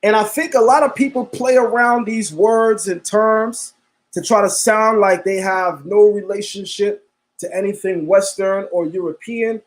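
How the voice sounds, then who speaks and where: A man hosting a live stream, talking casually, repeating himself and calling his viewers family. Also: high voice. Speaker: livestream host.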